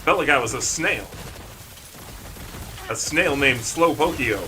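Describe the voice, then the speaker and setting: A man's voice: mid-range voice, expressive, unhurried, pauses often, bright, forceful tone, a little hiss or hum. Playful man streaming a game. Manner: playful, jokey, talks to himself. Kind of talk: casual gameplay commentary.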